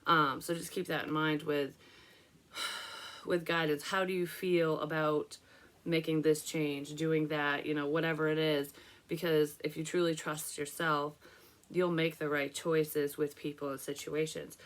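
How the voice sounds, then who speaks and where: A woman's voice: deep voice, flat delivery, a little slow. A young woman, a psychic medium, chatting casually and emotionally about a card reading in a rambling way.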